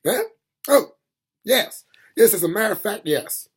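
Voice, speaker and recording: A man doing a flustered, husky blacksmith. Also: sits high, expressive, unhurried, voice pushed up, heavily acted. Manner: eager, flustered questioning. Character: anxious, excitable village blacksmith, adult man.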